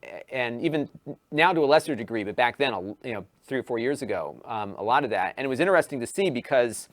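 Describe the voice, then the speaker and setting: In a dry recording with no room sound, a man who runs a YouTube tech channel speaks fast at a medium pitch. His casual podcast chat is animated and full of restarts, and he lifts his voice when quoting.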